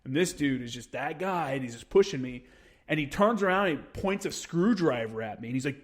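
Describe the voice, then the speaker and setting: A man's voice: fairly high pitch, fairly quick. A man in his thirties, a military veteran, telling a war story in casual podcast chat, swearing freely and acting out the quotes. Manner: profane, animated storyteller who acts out quotes.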